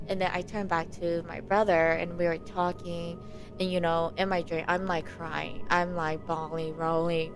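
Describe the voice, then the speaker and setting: A woman's voice: on the low side, steady tone, fairly quick, music in the background. A woman guest on a podcast, casually retelling a vivid dream with lots of fillers and quoted dialogue. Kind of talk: casual storytelling. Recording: noisy background.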